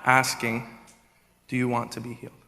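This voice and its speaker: A man preaching a sermon as executive pastor, animated, acting out prayers in a raised voice. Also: mid-range voice, normal speed. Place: church hall. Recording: live church hall with reverb and music.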